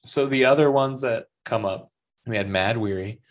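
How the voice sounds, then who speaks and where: A man's voice: mid-range voice, normal speed. A man casually discussing a superhero movie with an easygoing, joking manner. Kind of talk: casual movie review chat.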